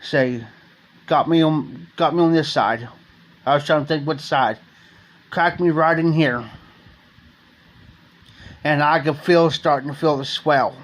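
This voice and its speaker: Slightly high-voiced man from Ohio, rambling folksy late-night storyteller. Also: measured pace, pauses often. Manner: rambling storyteller, repeats and restarts phrases, folksy slang. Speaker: livestream host.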